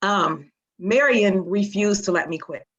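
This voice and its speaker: A woman's voice: mid-range voice, measured pace. Earnest woman, dull lo-fi sound. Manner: earnest, emotional. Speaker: team member. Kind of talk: personal testimony on a group call.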